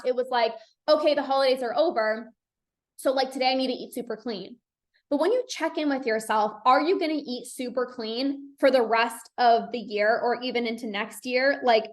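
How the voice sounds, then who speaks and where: A young woman hosting a solo podcast as a binge eating coach, talking casually and reassuringly, with lots of "like". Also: fairly high pitch. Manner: chatty, says "like" a lot, reassuring.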